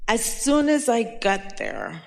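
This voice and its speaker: A woman in a seminar audience telling a personal story and asking a question, halting and full of fillers. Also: a little high, creaky. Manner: halting, with many fillers and restarts. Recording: long reverb of a large hall.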